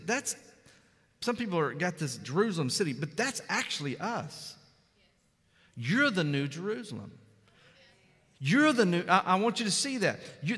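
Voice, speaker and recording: Bright high-voiced pastor in a big hall. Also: male voice. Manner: emphatic, builds to loud climaxes, asks the crowd "amen?". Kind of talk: sermon. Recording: long hall reverb.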